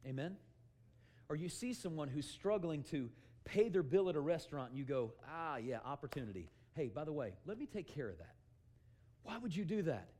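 A man preaching a sermon in an animated way, acting out little scenes, calling for amens and sometimes shouting. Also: a little high, moderate pace. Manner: animated, shouts for emphasis and acts out quotes; calls for amen often.

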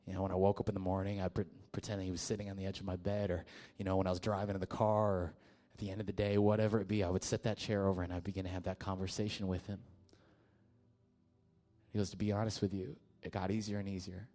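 Man, youth pastor, low-set voice; loose, chatty sermon delivery, goes quiet for stories. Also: little pitch movement, fast talker. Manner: casual and conversational, with fillers and restarts; drops to a quiet, hushed voice in the story.

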